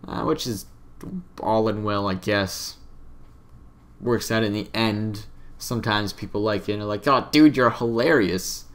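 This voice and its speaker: A young man narrates his own game footage in an offhand, self-deprecating, rambling let's play. His lowish voice is level and fairly bright, with a measured pace and frequent pauses.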